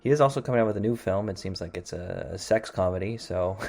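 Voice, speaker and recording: Deep-voiced guy rambling casually on his music show, lots of kinda sorta. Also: quick pace, vocal fry, a little mellow. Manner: rambling, hedging with lots of "kind of" and "sort of". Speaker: radio show host.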